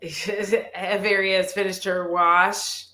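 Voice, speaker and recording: A beauty YouTuber chats loosely on a livestream, telling rambling, profane stories packed with filler and lots of "like." Her mid-range voice barely moves in pitch, her pace is slow, and the sound is pushed and bright with noticeable room echo.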